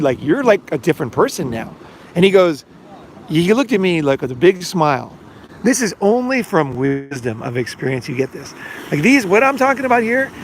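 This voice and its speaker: Rambling middle-aged man, slightly high voice. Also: a bit bright, a little hiss or hum. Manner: rambling, filler-heavy, acts out quoted dialogue. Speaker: podcast host and life coach. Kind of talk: casual monologue.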